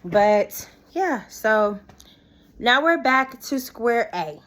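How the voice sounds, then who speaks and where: A young woman telling a personal story to her viewers in a casual, expressive vlog style. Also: a little high, very slow. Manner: expressive, talks straight to viewers as "y'all". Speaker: vlogger.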